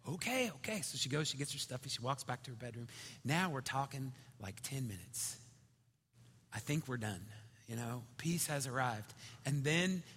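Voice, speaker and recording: A man preaching a sermon in a conversational, storytelling way, swinging between loud and hushed. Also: medium pitch, moderate pace, slightly rough. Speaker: pastor. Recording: reverberant hall.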